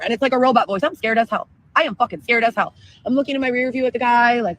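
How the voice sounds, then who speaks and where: Woman, livestream rant, profane, excitable, high pitch, bright tone. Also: poor audio. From Chicago area, Illinois. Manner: profane, excitable, rapid storytelling. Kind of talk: ranting livestream monologue.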